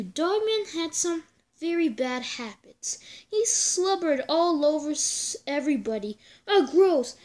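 A woman reading a comic book aloud in a playful way, tossing in sound effects and sometimes stumbling over her words. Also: very high-pitched. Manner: playful, doing sound effects and funny voices.

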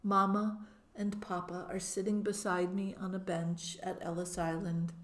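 A woman narrates a first-person novel as an audiobook. Her reading is slow and measured, with an expressive touch. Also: on the low side.

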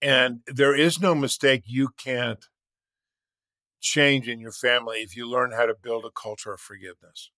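A man's voice: mid-range voice, moderate pace, no echo. A man in his sixties, a guest author, talking about faith and fatherhood in an earnest, preaching way and telling stories with energy. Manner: animated storyteller, shouts and laughs in acted scenes. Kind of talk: storytelling conversation.

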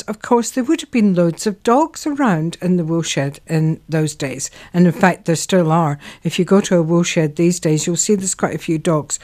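Slow, unhurried New woman host. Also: on the low side, darkish tone. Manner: unhurried, searching for words with fillers. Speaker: local history show host. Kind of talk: casual radio-style chat.

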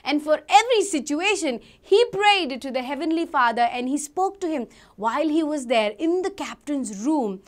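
A young adult woman with an Indian English accent telling a Bible story to children, animated and asking them questions. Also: sits high, normal speed, hardly any pauses. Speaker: Sunday school teacher.

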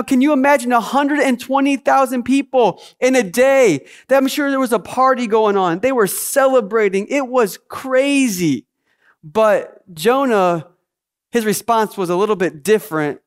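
A man's voice: high voice, normal speed, smooth. A male pastor preaching a sermon with energy and emphasis, throwing out rhetorical questions to his church.

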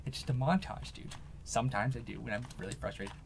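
A man's voice: mid-range voice, quick pace, vocal fry, a little hiss or hum. A young man giving jokey, hyper commentary while playing a game. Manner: hyper, jokey, shifts into silly voices and yelps. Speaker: gaming commentator.

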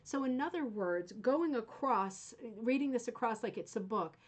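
A woman hosting a craft club show in a casual teaching chat, chatty and enthusiastic, rambling and often checking in with "right?". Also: medium pitch.

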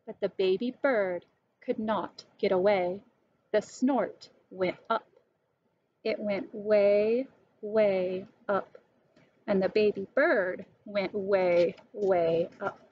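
A woman slowly and deliberately reading a children's picture book aloud. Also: mid-range voice, steady tone. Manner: slow, clear and deliberate. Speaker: storybook reader. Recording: dull lo-fi recording.

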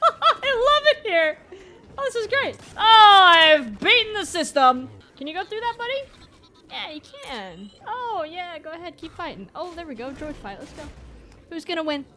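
A woman giving casual, joking gameplay commentary, with lots of excited exclamations. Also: extremely high pitch, moderate pace. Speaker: video game player.

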